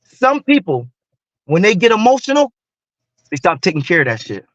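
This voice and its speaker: A blunt man in casual conversation, talking in a fairly high voice that jumps around and repeats his points with force. The sound is dry and a bit dull, like a lo-fi recording. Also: normal speed, no room sound. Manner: blunt, repetitive, animated street talk. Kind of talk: casual chat.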